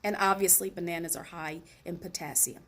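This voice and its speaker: A woman's voice: fairly low pitch, a little fast. Chatty woman telling a personal story. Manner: animated, chatty, addresses viewers directly. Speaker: host. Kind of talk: casual personal storytelling monologue.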